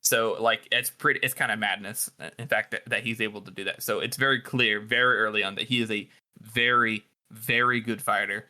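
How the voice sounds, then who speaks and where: Bright-voiced rambling man. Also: lowish voice, steady tone, brisk, hardly any pauses. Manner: rambling, many fillers and restarts. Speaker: podcast co-host. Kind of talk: casual book discussion.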